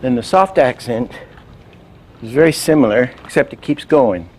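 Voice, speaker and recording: A man's voice: mid-range voice, animated, normal speed, a little mellow. A man explaining animation timing and doing little sound effects as he demonstrates. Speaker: animation teacher. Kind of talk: instructional demonstration.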